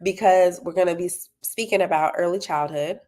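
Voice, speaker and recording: A woman's voice: on the low side, steady tone, fairly quick, dark tone. A woman running a parenting talk, encouraging and checking in with her listeners as she promotes her tutoring company. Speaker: parenting coach and tutoring business owner.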